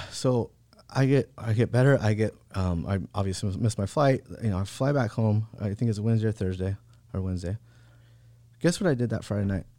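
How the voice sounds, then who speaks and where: Podcast guest, man in his 30s, slangy laid-back storyteller with a lowish voice, close dry mic. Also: brisk, mellow, no room sound. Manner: laid-back slangy talk, many "bro" and "like". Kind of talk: casual storytelling.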